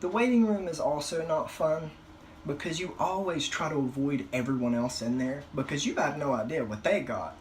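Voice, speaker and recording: A young man doing a stand-up comedy routine, telling a crude, profane story with animated outbursts. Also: a little high, normal speed, a little hiss or hum.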